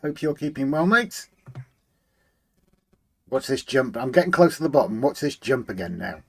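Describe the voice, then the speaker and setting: A man's voice: medium pitch, big pitch swings, moderate pace, creaky, breathy edge. Chatty man hosting a livestream. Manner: chatty, greets viewers warmly by name, hums to himself while working. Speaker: livestream host. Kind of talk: casual live chat, reading out viewer comments.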